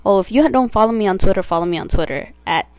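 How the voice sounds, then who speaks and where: A woman's voice: mid-range voice, quick pace, darkish tone, no room sound. A teenage girl talking in a brash, profane, indignant rant on her own casual vlog. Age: teens. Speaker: podcast vlogger. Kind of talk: casual ranting monologue.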